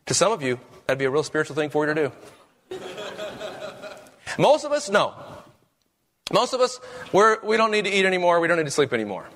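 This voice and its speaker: A man's voice: a little high, big pitch swings, fairly quick, pauses often, fairly bright tone, slight background noise. A man preaching a sermon as pastor, with emphatic, rising questions.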